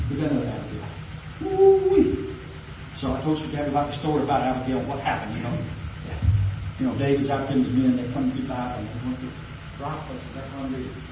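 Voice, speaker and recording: A man preaching a folksy sermon in a church, swinging from loud to soft, recorded echoey and distant with a dull, faintly hissing sound. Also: mid-range voice.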